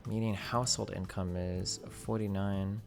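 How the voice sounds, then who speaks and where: A man's voice: on the low side, flat delivery, normal speed, vocal fry, a little mellow, soft background music. A man streaming live, reading an article aloud and questioning it as he thinks aloud, with many "like"s.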